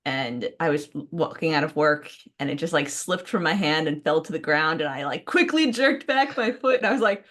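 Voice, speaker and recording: A woman co-hosting a podcast, chatting casually in a lively, jokey way. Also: low voice. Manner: lively, jokey, quick bursts of excitement. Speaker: podcast co-host. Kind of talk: casual chat.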